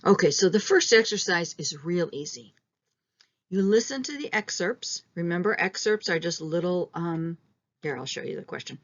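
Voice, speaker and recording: A woman teaching an English pronunciation lesson, explaining slowly and modeling example questions aloud. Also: on the low side, expressive, dull audio.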